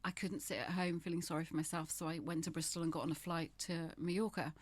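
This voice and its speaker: She's low-pitched, steady and fast: a woman in her fifties giving a frank, emphatic interview laced with wry humor in a candid conversation.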